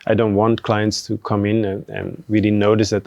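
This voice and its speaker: A man talking casually on a podcast about running a venue, relaxed and hesitant with many fillers. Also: lowish voice, normal speed, creaky, hardly any pauses, dry recording. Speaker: venue team member.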